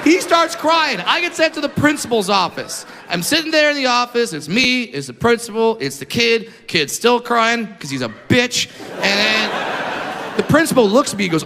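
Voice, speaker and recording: A man's voice: extremely high pitch, very animated, moderate pace, creaky. A man doing a crude, punchy stand-up comedy set before a live audience. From California. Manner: brash, crude, punchy delivery with mocking voices for others. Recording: live show in a hall, loud audience.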